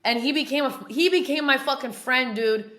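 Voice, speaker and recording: Woman host, a bit high-pitched, profane and animated, telling stories casually in an echoey room. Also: normal speed. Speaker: podcast host. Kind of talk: casual storytelling.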